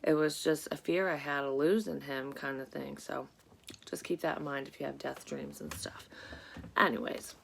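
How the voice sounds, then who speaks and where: A woman's voice: sits low, moderate pace, creaky, a bit bright, slight background noise. A woman in her thirties, a psychic vlogger, chatting casually; she rambles with many fillers and curses, sounds congested and a bit sleepy. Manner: rambling, profane, lots of fillers. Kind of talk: casual chat.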